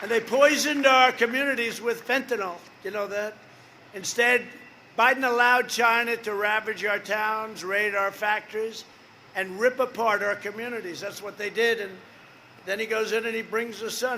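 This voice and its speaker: High, bright-voiced older man at a rally. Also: fairly even intonation, normal speed, a little hiss or hum. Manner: boastful, rambling, repetitive, asides to the crowd. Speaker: political rally speaker. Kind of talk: rally speech. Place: outdoor rally.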